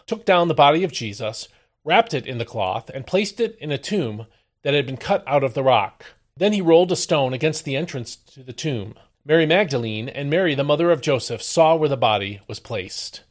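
A man hosting a daily devotional, reading a Bible passage aloud and then explaining it, with expressive emphasis on the quoted lines. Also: mid-range voice. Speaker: devotional host. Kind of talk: scripture reading and devotional commentary.

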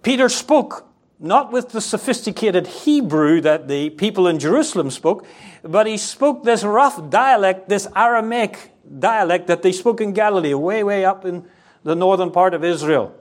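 A man preaching a sermon to a congregation, animated and acting out the voices of the people in his story. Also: normal speed. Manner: animated, acts out quoted voices with sharp pitch swings.

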